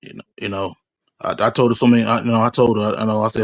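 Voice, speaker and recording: A man telling his story in a street interview, halting and repeating himself often. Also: lowish voice, level tone, no echo. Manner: halting, repetitive, many restarts.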